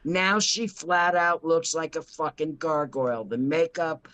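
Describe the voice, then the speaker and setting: A woman co-host who talks very slowly and drags her words out, making crude, cutting remarks in casual chat. Her voice sits in a middle pitch and sounds dry and close. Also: a bit bright, no room sound. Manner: slow, drawn-out, crude and cutting. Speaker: podcast co-host.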